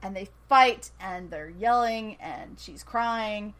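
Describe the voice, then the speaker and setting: Animated woman recapping a show. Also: medium pitch, slow, poor audio. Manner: animated storytelling, laughs often, acts out quotes. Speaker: podcast co-host recapping a TV episode. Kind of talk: casual chat.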